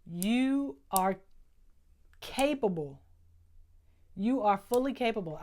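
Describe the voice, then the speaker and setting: This tarot reader, an adult woman holding a doctorate, has a mid-range voice, speaks a little slowly and leaves long pauses. She addresses her viewers head-on, stressing points and repeating herself in a casual reading.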